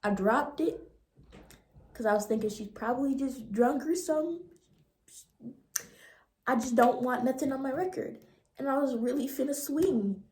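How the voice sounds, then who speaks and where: A woman in her twenties tells a story for her vlog in a lively, slangy way. She acts out the other people's voices as she goes. Her voice sits a little high, and the room sounds echoey. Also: normal speed, long pauses. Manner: animated and slangy, acting out the voices. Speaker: vlogger. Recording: roomy echo.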